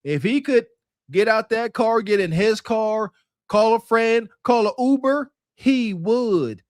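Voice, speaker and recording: A man co-hosting a podcast, commenting on a video clip in a mocking, animated way and laughing through his remarks. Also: high voice, takes it slowly, no room sound, clean studio sound. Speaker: podcast co-host.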